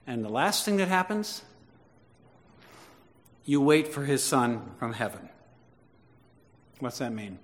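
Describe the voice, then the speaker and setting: A man preaching a sermon to his congregation, swinging between loud emphatic lines and quiet conversational asides with questions to the listeners. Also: mid-range voice, expressive, measured pace, long pauses. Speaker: pastor. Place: church. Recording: long reverb of a large hall.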